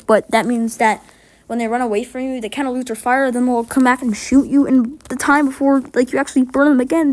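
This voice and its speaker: A woman's voice: a little high, darkish tone. A woman giving rambling, casual commentary while ranking video game characters, a little sick and short of breath. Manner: rambling, chatty, self-correcting. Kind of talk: casual tier-list commentary.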